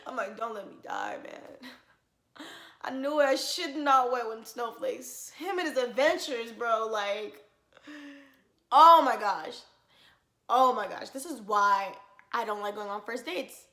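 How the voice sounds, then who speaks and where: Bright, animated young woman in an echoey room. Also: a little high, gravelly. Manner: animated, laughing often, dramatic retelling. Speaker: vlogger. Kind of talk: casual storytime.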